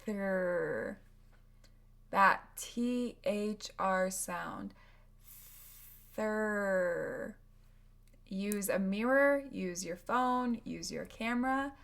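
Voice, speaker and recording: An American woman teaching English pronunciation at a very slow, deliberate pace. She repeats each word carefully so learners can copy it. Her pitch sits in the middle range. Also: vocal fry, fairly bright tone. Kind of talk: pronunciation lesson with drills.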